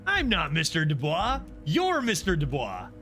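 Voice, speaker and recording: Streamer guy reacting to a game, bright and jumpy voice, laughs at himself. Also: fairly high pitch, a little slow. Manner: excitable, laughing, self-mocking. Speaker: gaming streamer. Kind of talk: casual gameplay commentary. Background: game music.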